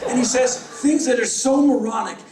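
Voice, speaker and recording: An American man in his fifties telling stories on stage in a wry, animated way, acting out the voices of people he quotes. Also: very high-pitched, moderate pace, a crowd in the background. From United States. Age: 50s. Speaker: spoken word performer. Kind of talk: live stage storytelling. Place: large concert hall. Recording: echoey hall from far off.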